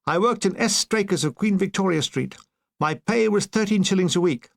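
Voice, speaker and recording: A man's voice: sits high, animated, normal speed, gravelly. An older man reading his own war memoir aloud, with dry comic timing. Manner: dry comic delivery with brief put-on voices. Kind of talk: audiobook narration.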